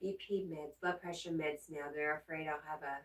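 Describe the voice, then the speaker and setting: A deep-voiced woman keeps a steady tone at normal speed while hosting a casual early-morning livestream from home. She reads viewer comments aloud and coos to her dog in baby talk; the sound is roomy with the mic far away.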